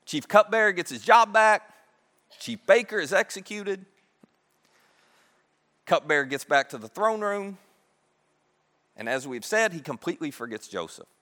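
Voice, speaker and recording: A man preaching a sermon, retelling a Bible story in a lively, conversational way and acting out the characters' lines. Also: a little high, big-room sound.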